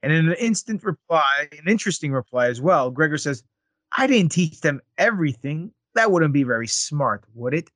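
A man's voice: a little high, big pitch swings, normal speed, fairly bright tone, no echo. A man co-hosting a casual podcast, rambling and joking with plenty of fillers. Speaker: podcast co-host.

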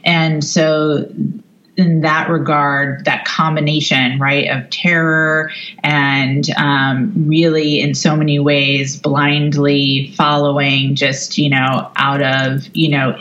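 Guest, woman, low and slow delivery, thoughtful, muffled lo-fi recording. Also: a bit bright. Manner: measured, many "you know" fillers. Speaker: business coach guest. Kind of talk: reflective interview answers.

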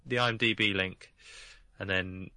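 A man's voice: deep voice, steady tone, normal speed, bright, forceful tone. A man chatting eagerly on a live stream, keen to share what he has found. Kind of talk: casual chat on a live stream.

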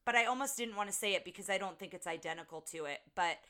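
A woman's voice: medium pitch, fast talker, sharp tone. A woman co-hosting a casual podcast, chattily retelling a film scene and acting out the characters' lines. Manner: chatty storytelling, frequent "like"s, acts out quotes. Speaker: podcast co-host.

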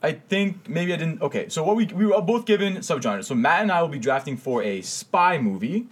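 A man's voice: a little high, lively intonation. Man hyping up podcast guests like a ring announcer. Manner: hyped boxing-announcer delivery in intros, rapid rule explanations. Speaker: podcast co-host. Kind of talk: casual podcast chat with announcer-style intros. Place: studio.

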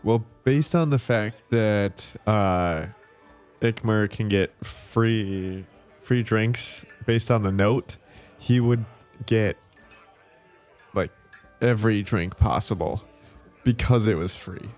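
Unhurried low male player, drawn-out delivery, light music. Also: darkish tone. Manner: slow and drawn out. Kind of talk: casual play at a tabletop game.

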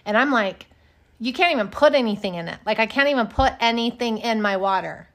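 A woman's voice: on the high side, a little fast, a bit bright. A middle-aged woman from Wyoming co-hosting a casual chat, telling stories with sarcasm and swearing freely. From Wyoming, United States. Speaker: podcast co-host.

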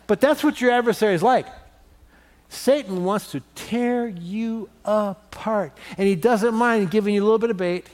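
A man preaching a sermon as pastor in a church, animated and leading the congregation in call-and-response. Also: high voice.

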